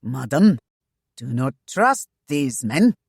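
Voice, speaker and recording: A woman's voice: extremely low pitch, very animated, takes it slowly, creaky, husky, no echo, clean studio sound, exaggerated voice. A woman doing a thin, pleading male agent. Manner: pleading yet stubborn, formal.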